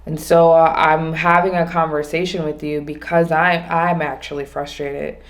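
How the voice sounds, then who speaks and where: A woman vlogging alone, talking through her day in a rambling, reflective way, often restarting and slowing down on her main points. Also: deep voice, level tone. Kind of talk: casual reflective monologue.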